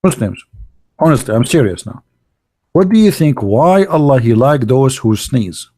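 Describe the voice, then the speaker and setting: A man mocking his subject in a loose, sarcastic monologue. His delivery is halting and full of fillers, with sudden jumps up into laughter. The sound is dry, with no room around it. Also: medium pitch, very animated, warm tone, no room sound. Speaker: online religious debater. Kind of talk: casual monologue.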